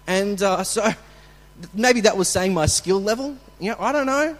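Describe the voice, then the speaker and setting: A man preaching as a pastor, talking in a conversational way with restarts and bursts of acted shouting. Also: high voice, animated, unhurried. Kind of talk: sermon. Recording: long hall reverb.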